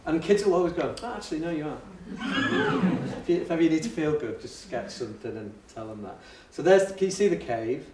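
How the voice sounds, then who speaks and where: An education speaker appearing as a guest gives a lively, anecdote-filled talk to an audience in a fairly high voice, going a little fast. He laughs often and mimics his pupils' voices, and the recording sounds roomy and distant, with faint ambience and heavy background noise.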